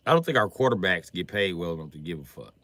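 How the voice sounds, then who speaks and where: A man with a deep, forceful voice talks casually on a live stream. He rants with plenty of profanity, often jumping from muttered asides to loud, animated outbursts. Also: quick pace, dry recording.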